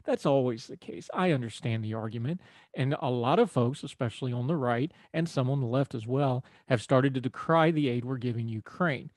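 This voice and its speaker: A man's voice: medium pitch, brisk, a little mellow, no room sound. A man hosting a political talk radio show, folksy and conversational with wry asides. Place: radio studio.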